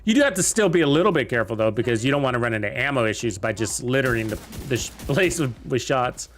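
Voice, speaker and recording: A man's voice: medium pitch, expressive, quick pace, a little hiss or hum. A young man giving casual, rambling commentary while playing a video game, chatting to his viewers with lots of fillers. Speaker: game streamer.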